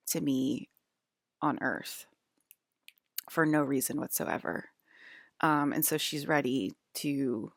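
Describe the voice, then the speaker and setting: A woman's voice: extremely low pitch, dry recording, studio quality. A woman in her forties, talking in a meandering, casual monologue full of fillers and restarts. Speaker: vlogger.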